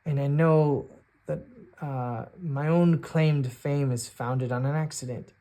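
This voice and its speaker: A man's voice: a little high, steady tone, a little slow, dark tone, natural voice. A man voicing a regretful older noble seafarer.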